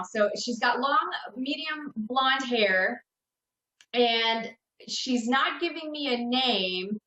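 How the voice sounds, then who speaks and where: A woman hosting a call-in psychic radio show, giving slow, hesitant readings full of fillers and restarts. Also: medium pitch, a bit bright, reverberant, low-quality recording.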